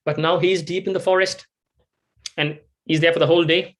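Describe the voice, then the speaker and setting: Devotional storyteller, man, fairly high voice, animated, acts out scenes. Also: fairly quick. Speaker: devotional speaker.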